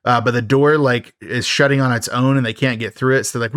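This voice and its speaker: A man's voice: medium pitch, fairly even intonation, fairly quick, a bit bright, dry recording, studio quality. A man hosting a podcast, recapping a film in a rambling, casual way full of fillers and wry jokes. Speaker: podcast host.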